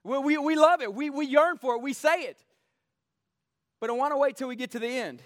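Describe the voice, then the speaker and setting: A male pastor preaching a sermon with fervent energy, swinging between shouted scripture and laughing asides. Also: very high voice, brisk.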